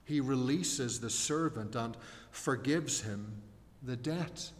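A man delivers a sermon in an earnest, explanatory way, pausing to put questions to the congregation. His voice sits at an ordinary middle pitch. It rings with the long reverb of a church hall. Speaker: preacher.

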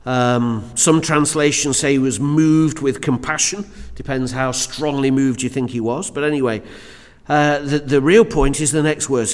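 A man's voice: mid-range voice, steady tone, a little slow. A man preaching a sermon to a church congregation in an earnest, emphatic way, often repeating words as he builds his points. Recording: reverberant church hall.

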